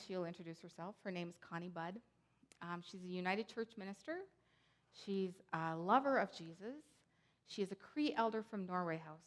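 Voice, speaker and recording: A woman who directs a community centre, giving a conference talk in a chatty, digressive way full of asides. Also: mid-range voice.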